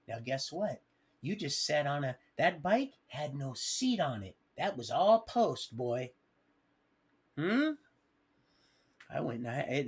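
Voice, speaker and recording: A man telling a rambling personal story on a livestream, animated, swinging between loud outbursts and quiet asides and acting out what others said. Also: medium pitch, husky. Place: home livestream setup.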